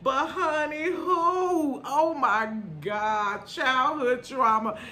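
A middle-aged woman vlogger telling a story in a casual, animated way, laughing often and calling her viewers y'all and honey. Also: high-pitched, drawn-out words.

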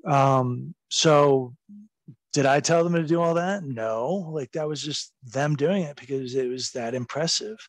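A man in his forties recounts his wrestling days in a loose, meandering way, peppering his talk with "like" and "you know" and plenty of swearing. His voice sits slightly high for a man. The recording is dry and close, with no room echo. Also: a little slow. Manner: rambling, profane, full of fillers. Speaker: guest, former wrestler. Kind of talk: casual storytelling interview.

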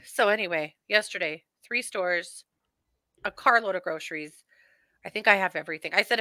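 A middle-aged woman chats easily as a podcast co-host, laughing often. Her voice is bright and forceful, recorded dry and close with no room sound. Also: on the low side, normal speed, dry recording. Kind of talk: casual chat.

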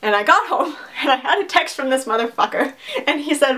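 Animated sarcastic young woman vlogger. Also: high-pitched, fairly quick. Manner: animated, sarcastic storytelling with laughs. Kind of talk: casual storytime vlog. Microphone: camera mic.

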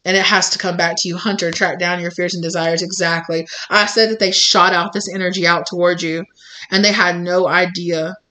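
A woman's voice: on the low side, fairly even intonation, a little fast, pushed and bright, poor audio. Chatty woman giving a rambling tarot reading. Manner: rambling, many filler words, acts out quoted voices. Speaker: tarot reader. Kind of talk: casual spoken tarot reading.

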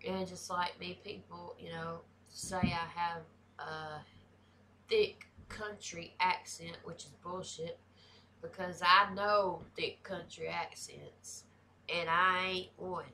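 A woman's voice: lowish voice, fairly even intonation, slow pace, bright, forceful tone, slight background noise. A woman with a Southern US country accent, talking casually and bluntly as she reacts to a video, swearing freely. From American South.

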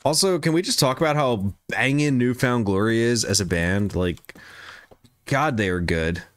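Laid-back streamer man, lively voice. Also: medium pitch, normal speed. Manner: chatty, laughs often, greets viewers. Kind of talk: casual live game commentary.

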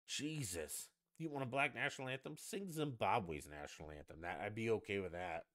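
Sarcastic, profane podcast host, lower pitch and a very lively delivery. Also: male voice, moderate pace. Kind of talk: ranting solo podcast.

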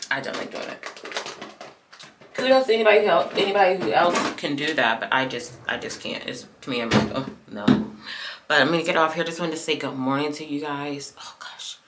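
A woman's voice: low-pitched, animated, moderate pace, long pauses, fairly bright tone. A woman vlogging in a casual chatty way, talking to her viewers from her car on a phone camera. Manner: chatty, rambling, talks to viewers. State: numb mouth after dental work, sleepy. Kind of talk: casual vlog chat. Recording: noisy car recording.

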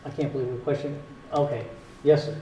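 A man's voice: medium pitch, fairly even intonation, brisk, mellow. Man with a Northern US accent in an echoey hall. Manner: plain, patient explaining with dry jokes. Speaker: cardiologist giving a talk. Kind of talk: explanatory health talk with audience Q&A. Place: community hall at a retirement home. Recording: echoey hall, distant mic, faint hiss.

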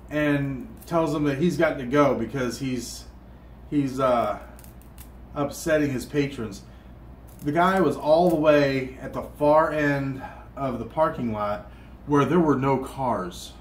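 Southern man rambling in a roomy hotel room. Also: mid-range voice. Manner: rambling, many restarts and fillers. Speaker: cooking vlogger. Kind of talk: casual chat while cooking. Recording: roomy, distant mic, faint room hum.

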